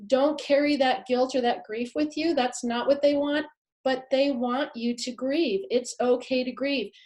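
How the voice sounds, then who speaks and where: A woman's voice: high voice, fairly even intonation, a little slow, darkish tone. A woman giving a live masterclass talk on pets and the afterlife, earnest and emphatic, often repeating her key phrases. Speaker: pet afterlife speaker.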